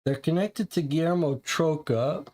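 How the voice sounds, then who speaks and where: A man's voice: a little high, measured pace, a little mellow. A man playing a detective board game, reading cards and reasoning through clues aloud.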